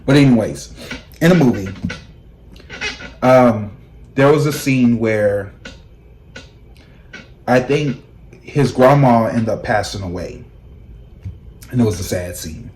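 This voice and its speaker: A man hosting a casual tarot vlog, telling personal stories in a lively way and breaking into laughs. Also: slow pace, pauses often, slight background noise. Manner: animated, laughs, acts out quoted voices in high shrieks. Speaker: tarot reader and vlog host. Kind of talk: casual storytelling to viewers. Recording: echoey room.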